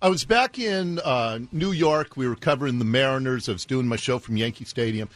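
A man hosting a radio talk show, animated and opinionated, ranting with sarcasm. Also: mid-range voice, fairly quick, no echo. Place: radio studio.

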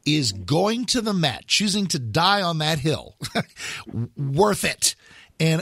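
A man hosting a radio talk show, rambling casually and jumping his voice up high for emphasis. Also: bright, forceful tone, dry recording, studio quality.

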